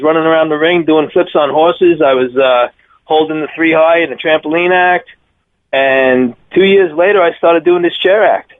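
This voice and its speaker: Over a tinny phone line, a Long Island man in his fifties calls in to a radio interview as a circus daredevil guest. His slightly high voice, with no room sound, carries energetic, rambling stories stuffed with fillers.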